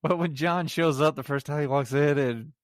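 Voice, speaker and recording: A man's voice: fairly high pitch, normal speed, no room sound, clean studio sound. A middle-aged man giving a casual solo movie review on a podcast, rambling and sarcastic, laughing at his own jokes.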